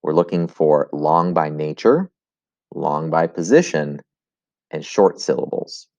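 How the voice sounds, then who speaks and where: A man's voice: rumbling low, lively intonation, takes it slowly, darkish tone, dry recording, highs cut off. A man teaching Latin in a recorded video lesson. He explains step by step, with fillers and restarts. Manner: chants rhythms as "bum, bum".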